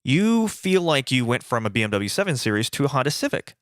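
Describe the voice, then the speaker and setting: A man co-hosting a podcast speaks with a lively, wide-ranging voice and pushes his opinions with emphasis. The sound is dry and close. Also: medium pitch, brisk, dry recording. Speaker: podcast co-host. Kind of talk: casual podcast chat.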